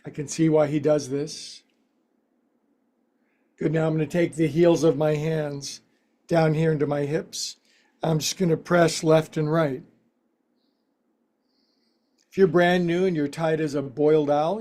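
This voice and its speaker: Folksy, mellow-voiced male yoga teacher. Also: on the high side, steady tone. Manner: playful, folksy quips between slow cues. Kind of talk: guided yoga class instruction.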